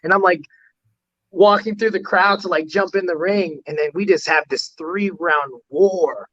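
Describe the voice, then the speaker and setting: High-voiced rambling fighter, dull audio. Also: male voice, unhurried, fairly bright tone. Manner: rambling, heavy use of "like" fillers. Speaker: fighter guest. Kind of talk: casual storytelling interview.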